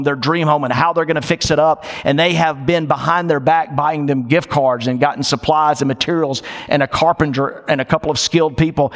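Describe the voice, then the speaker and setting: A man with a slightly raised pitch delivers a sermon in a church sanctuary, where his voice rings out with a long reverb. He talks to the congregation conversationally, drawing out key lines for emphasis and slipping in lighthearted asides. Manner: conversational preaching, slows for emphasis, playful asides. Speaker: pastor.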